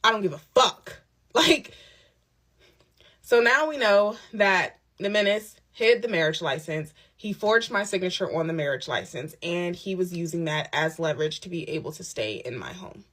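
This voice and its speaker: A woman telling her own story in a casual storytime monologue, candid and emphatic, with quick asides. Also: on the low side, animated, a bit bright. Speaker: storyteller recounting a personal ordeal. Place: lives on a military base abroad.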